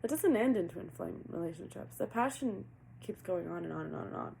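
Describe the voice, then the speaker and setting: A woman's voice: lowish voice, animated, brisk, vocal fry, dark tone, slight background noise, poor audio. A woman giving a casual tarot reading, chatty and laughing often, asking questions aloud as she goes. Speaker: tarot reader.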